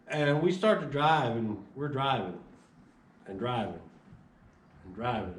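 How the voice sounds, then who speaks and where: Man, personal testimony, animated storytelling, acts out dialogue, mid-pitched voice, echoey room. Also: a little slow, long pauses, recorded from a distance, a little hiss or hum. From Chicago. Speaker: testimony speaker.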